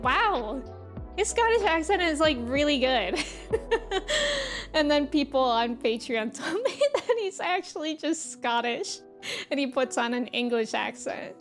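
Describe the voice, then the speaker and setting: Woman streamer, high voice, chatty and rambling, casual live chat, faint music behind. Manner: chatty and rambling, greets viewers, many "like" fillers.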